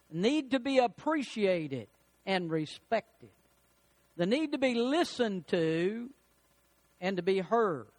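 A man preaches from the pulpit at an unhurried, deliberate pace, pressing his points home with rhetorical questions. His voice sits high for a man. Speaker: pastor. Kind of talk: sermon.

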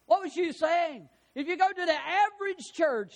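A pastor preaching a sermon, fervent and rising to shouts, putting questions to the congregation. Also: male voice, very high-pitched, huge pitch swings, moderate pace, few pauses.

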